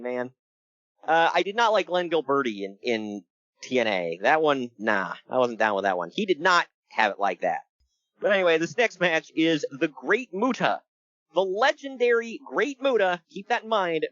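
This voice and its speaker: A man's voice: on the high side, no echo, muffled recording. A man co-hosting a casual podcast, joking and laughing as he recaps a wrestling show. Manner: joking, animated, laughs often. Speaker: podcast co-host.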